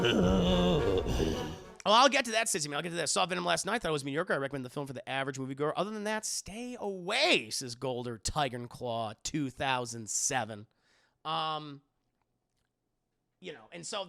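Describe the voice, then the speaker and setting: Streaming live, a man reviews a film in a gravelly voice pitched slightly above typical male range, his tone bright with an edge. He wanders off track, returns to points he's already made, and curses freely as he responds to his chat.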